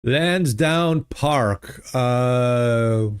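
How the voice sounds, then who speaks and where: Slow-talking man musing aloud. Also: mid-range voice, clear, resonant tone. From United States. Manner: musing aloud, halting and easygoing. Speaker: livestream host. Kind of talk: casual livestream chat while playing a geography game. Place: home streaming studio. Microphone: studio desk microphone.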